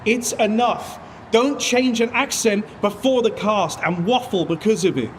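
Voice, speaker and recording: A man's voice: high-pitched, a little slow, a little hiss or hum. A man firmly giving a colleague earnest advice.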